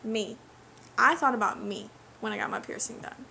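A woman's voice: medium pitch, normal speed, gravelly, pushed and bright, slight background noise. A young woman ranting straight to camera in a vlog, indignant and emphatic, lecturing and repeating her key phrases. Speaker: vlogger. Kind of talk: direct-to-camera rant.

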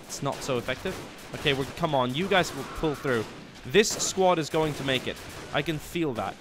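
A young man giving live commentary on a strategy war game, yelling and swearing at his troops one moment and muttering quietly the next. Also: a little high, moderate pace, faint music behind. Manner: excitable, swears and yells at his units, drops to quiet mutters. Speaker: gameplay commentator.

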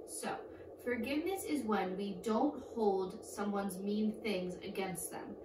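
A woman's voice: mid-range voice, unhurried. Woman, children's church teacher, upbeat simple delivery, roomy sound, noticeable background noise. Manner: upbeat, speaking simply to kids. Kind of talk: children's Bible lesson. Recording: echoey room, distant mic, background noise.

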